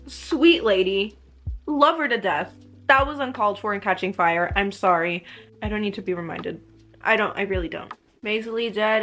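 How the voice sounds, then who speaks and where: A woman's voice: mid-range voice, fairly bright tone. A young woman vlogging about a book, reading passages aloud and reacting with strong emotion between them.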